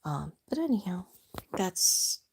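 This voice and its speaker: A woman chatting casually on a live stream from home, rambling and soft-spoken, often dropping to a whisper. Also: fairly low pitch, big pitch swings, takes it slowly, creaky, breathy edge.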